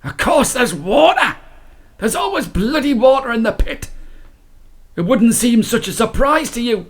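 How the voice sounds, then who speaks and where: A man voicing a gruff, hot-tempered, bullying male miner, loud and scornful. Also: extremely high pitch, expressive, a little slow, pitched above the performer's own voice, exaggerated voice.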